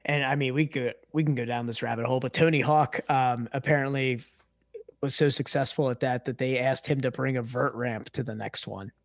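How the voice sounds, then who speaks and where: Excited podcast co-host, a man. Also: medium pitch, fairly quick, no echo, studio quality. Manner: enthusiastic, laughs easily, says "dude". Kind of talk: casual chat.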